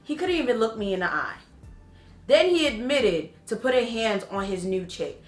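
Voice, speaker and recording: A young adult woman telling a storytime vlog, animated, laughing and blunt with profanity. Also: a little high, normal speed, soft background music. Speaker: vlogger. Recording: roomy echo.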